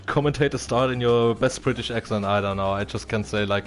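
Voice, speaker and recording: A man chats his way through a racing stream, halting and filling pauses with "uh". His voice sits at a middling pitch. Music runs faintly behind him. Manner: hesitant, full of fillers, laughs often. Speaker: race stream commentator. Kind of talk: casual live commentary.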